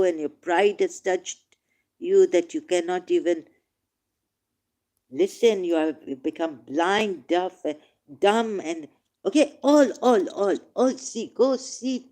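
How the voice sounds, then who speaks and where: A woman hosting a casual livestream, reading scripture passages aloud and commenting on them emotionally, swinging from quiet musing to emphatic outbursts. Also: lowish voice. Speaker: online talk host.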